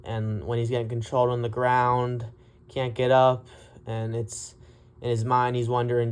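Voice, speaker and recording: A man's voice: mid-range voice, steady tone, a little slow, clear, resonant tone. A man giving casual, profane commentary on a fight, blunt and mocking as he rants. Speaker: MMA commentary vlogger.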